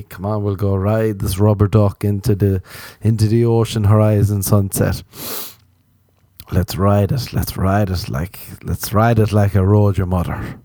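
A man hosting a solo late-night podcast, rambling and joking at his own expense with sudden jumps in pitch. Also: creaky, mellow, no echo, clean studio sound. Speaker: podcast host.

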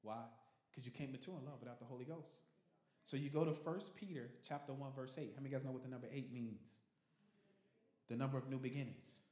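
A pastor preaching a sermon, animated and swinging from loud to hushed, talking casually with the congregation. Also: male voice, mid-range voice, fast. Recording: roomy echo.

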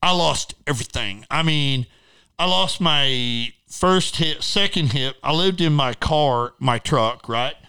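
A middle-aged man with a forceful, bright voice that comes through clean and resonant. He talks bluntly and swears freely. His story rambles along with plenty of fillers. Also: fairly high pitch, slow pace, clean tone. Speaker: interview guest. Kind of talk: casual storytelling.

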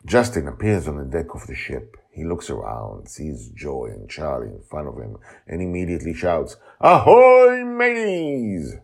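A man's voice: very deep voice, big pitch swings, moderate pace, gravelly, few pauses, a little mellow, breathy edge. A man hosting a podcast, telling a storybook tale in a rambling, casual way with asides. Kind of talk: casual chat and storybook narration.

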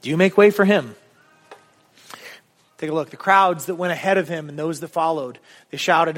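Conversational pastor in a reverberant hall. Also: male voice, on the high side, normal speed, long pauses, a bit bright. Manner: conversational, with filler ums and rising emphatic questions. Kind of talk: sermon. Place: church sanctuary.

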